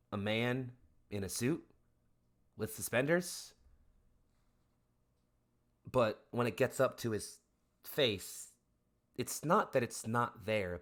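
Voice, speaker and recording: Male game master, slow, descriptive narration, lower voice.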